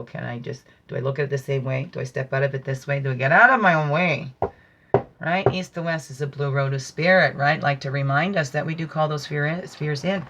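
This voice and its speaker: A woman hosting a spiritual teaching talk, speaking in a meandering, reflective way with musing asides and slow, drawn-out emphasis on key phrases. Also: sits low, fairly bright tone. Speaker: host.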